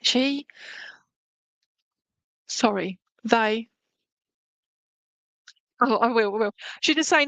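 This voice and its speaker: A woman's voice: on the high side, slow pace, creaky, pauses often, a bit bright, no echo, rough recording. Chatty woman medium, dry sound. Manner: chatty and emotional, tagging lines with "okay?". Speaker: spiritualist medium. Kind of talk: mediumship reading at a church service. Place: church service, streamed online.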